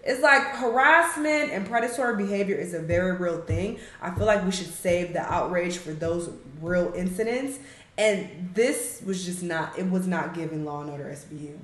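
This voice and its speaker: A woman's voice: medium pitch, a bit bright. A woman, hosting a reaction video and giving her frank, slangy opinion with plenty of swearing. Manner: blunt, frank, swears freely; slangy, with mocking mimicry of others. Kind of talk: casual opinion commentary. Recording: echoey room.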